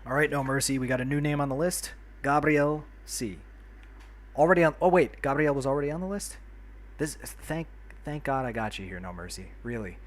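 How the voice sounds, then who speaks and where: Dude from new york, chatty livestream host talking to chat, middle pitched voice. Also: male voice, fairly quick. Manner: chatty, friendly, greets and thanks viewers by name. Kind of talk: casual livestream chat while playing a city builder.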